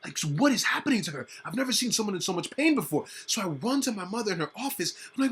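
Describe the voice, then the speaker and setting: A young man recounts a childhood story in a loose, chatty way, leaning on "like" as he goes. His voice is fairly high for a man and has a bright, forceful edge, with a husky grain underneath. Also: quick pace, hardly any pauses. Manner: animated, lots of "like" fillers. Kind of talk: casual personal storytelling.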